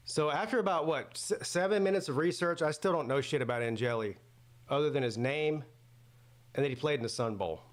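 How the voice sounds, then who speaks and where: A man with a slightly high voice speaks fairly quickly while hosting a live football watch-party stream. His casual commentary is loose and thought-out-loud, full of fillers and restarts.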